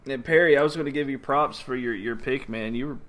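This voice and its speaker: A man with a bright, forward voice hosts a laid-back sports chat. He laughs easily and keeps things moving from one subject to the next. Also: medium pitch, brisk. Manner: laughs often, steers topics along. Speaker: sports podcast co-host.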